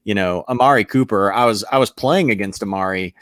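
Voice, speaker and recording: A man's voice: on the low side, brisk, a bit bright, dry recording, studio quality. A man co-hosting a podcast in casual sports chat, thinking aloud with hesitant restarts. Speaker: podcast co-host. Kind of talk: casual fantasy football chat.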